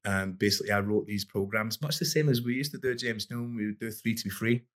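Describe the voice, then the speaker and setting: Easygoing low-voiced middle-aged man. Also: fast talker. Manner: easygoing, rambling, many restarts and "you know". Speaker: guest, boxing coach. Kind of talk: relaxed conversational storytelling.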